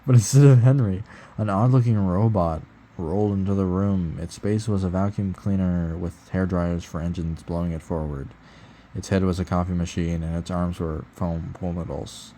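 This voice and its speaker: A man reads a children's movie tie-in book aloud in a casual, unpolished way, interrupting himself with sarcastic swearing. His voice is low and dark. A faint hiss hangs in the background. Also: fairly even intonation, normal speed. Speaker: channel host reading a book aloud.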